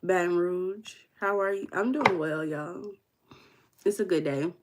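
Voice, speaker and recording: A woman's voice: lowish voice, unhurried, slight background noise. Chatty Midwestern woman hosting a livestream. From Midwest, United States. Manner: chatty, playful, teasing, calls out names from the chat. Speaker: live stream host. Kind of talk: casual livestream chat, reading the chat aloud. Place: home room.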